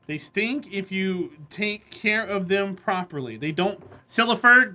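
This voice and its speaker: A woman's voice: mid-range voice, expressive, unhurried, hardly any pauses, bright, forceful tone. A woman streaming a game live and chatting casually with viewers, blunt and opinionated as she answers them by name. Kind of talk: casual live-stream chat while gaming.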